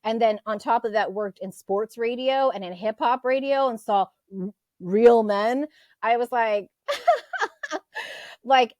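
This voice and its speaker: A woman's voice: on the high side, slow pace, dry recording, clean studio sound. A woman in her forties co-hosting a casual podcast chat, ranting bluntly and swearing freely. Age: 40s. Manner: blunt, profane, animated rants. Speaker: co-host.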